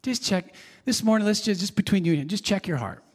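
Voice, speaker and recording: A man's voice: high-pitched, expressive, fast, big-room sound. A man preaching a sermon as pastor, earnest and conversational, repeating himself and adding asides.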